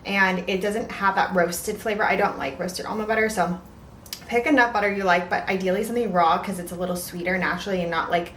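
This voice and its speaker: A woman's voice: mid-range voice, fairly even intonation, brisk, fairly bright tone, recorded from a distance, slight background noise. Young woman, chatty cooking vlogger, talks between bites, echoey room, voice a bit off-mic. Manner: chatty, talks while eating. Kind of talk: casual cooking vlog.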